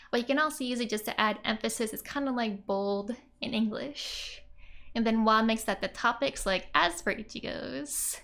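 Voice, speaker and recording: Woman teacher, kinda high voice, laughs a lot, relaxed chatty explaining. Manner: giggly, chatty, frequent laughs. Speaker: language teacher. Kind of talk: casual lesson narration over screen.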